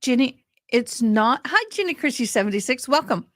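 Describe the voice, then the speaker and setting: A tired, grieving woman hosting a casual livestream chat, talking slowly with frequent pauses and ums. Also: on the high side, lively intonation. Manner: slow, meandering, with frequent ums. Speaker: livestream host.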